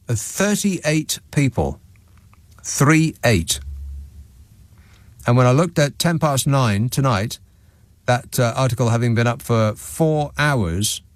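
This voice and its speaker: A man on late-night talk radio, speaking at an ordinary middle pitch in a sarcastic, mocking tone. He sounds close and dry, with no room echo. He is reading out listener messages in a studio. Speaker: radio show host.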